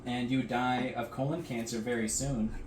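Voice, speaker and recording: A man co-hosting a casual cooking video, making crude deadpan jokes while tasting food in a home kitchen. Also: medium pitch, normal speed, a crowd in the background. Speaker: cooking show co-host.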